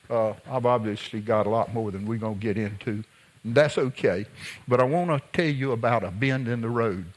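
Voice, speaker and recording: A man preaches in a folksy, conversational way, weaving scripture into stories from his childhood. His voice sits in an ordinary middle pitch, and he sometimes drops to a hush while telling a tale. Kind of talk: sermon with personal storytelling.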